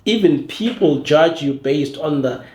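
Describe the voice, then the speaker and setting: A man speaking English with a Zulu accent tells stories in a lively, animated way, stopping and restarting sentences and slipping into other people's voices. His voice sits somewhat higher than most men's. The room around him is noticeably echoey. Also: a little slow. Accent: Zulu-accented South African English. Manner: frequent restarts and fillers. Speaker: podcast guest. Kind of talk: casual storytelling interview.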